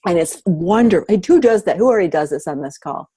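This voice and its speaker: An older woman giving an enthusiastic training talk at a team meeting, animated and excitable, with sudden jumps in pitch. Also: fairly quick, breathy edge, no room sound.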